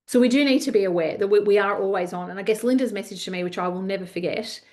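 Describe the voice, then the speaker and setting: Presenting a leadership masterclass over webinar, a woman speaks at a quick pace in a medium-pitched voice. She works through anecdotes chattily, with lots of fillers and animated retellings.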